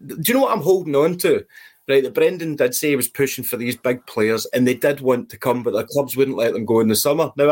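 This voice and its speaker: A man on a football podcast panel, joking and laughing as he talks. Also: mid-range voice. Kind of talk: casual football chat.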